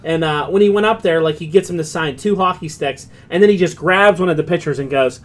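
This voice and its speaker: A man's voice: on the high side, fairly quick, few pauses. A man co-hosting a casual podcast chat who tells stories with lots of energy and swears freely. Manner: animated storyteller, swears freely. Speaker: podcast co-host.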